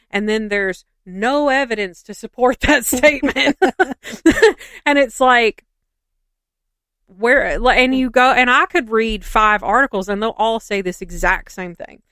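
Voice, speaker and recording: A woman co-hosting a podcast reads a local legend aloud, then chats about it skeptically in a loose, rambling, casual way. Her voice is fairly high pitched, sharp in tone and smooth, with no echo.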